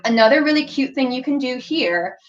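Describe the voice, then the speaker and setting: A woman's voice: sits high, expressive, brisk, lo-fi sound. A woman hosting a casual live-stream tutorial, chatty and playful, with lots of "like" and "um". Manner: chatty, frequent "like" and "um", bursts of playful sounds. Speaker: sewing pattern designer hosting a live stream.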